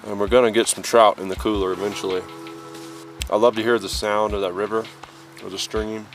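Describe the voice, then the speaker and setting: A man's voice: on the low side, little pitch movement, a little fast, faint music behind. A man vlogging casually from a mountain campsite, easygoing and folksy, a little out of breath from the altitude. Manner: easygoing, folksy, says y'all. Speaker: outdoor vlogger. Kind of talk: casual camping vlog.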